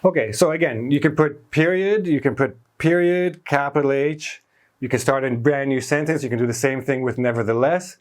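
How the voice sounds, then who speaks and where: Man, grammar teacher, whiteboard lesson, middle pitch, explains step by step, stresses key words, self-corrects. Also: moderate pace.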